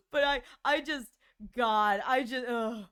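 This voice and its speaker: Young woman, streamer, high voice, animated casual chat, frequent laughs. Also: slow pace, clear, resonant tone. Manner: animated storytelling, laughing often.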